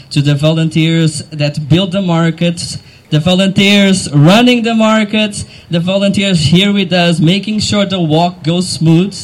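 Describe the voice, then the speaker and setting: A man working as MC at an outdoor gathering, speaking emotionally and haltingly, with frequent fillers and small laughs. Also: on the high side, low-quality recording. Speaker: event MC. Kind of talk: live outdoor event hosting. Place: outdoor event crowd gathering.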